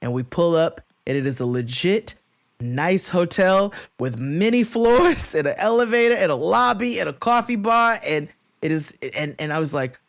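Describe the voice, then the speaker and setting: Man, podcast co-host, casual storytelling, fairly high voice, dry close sound. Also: moderate pace, gravelly, dry recording. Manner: animated storyteller, acts out quotes in high voices, laughs often, swears freely.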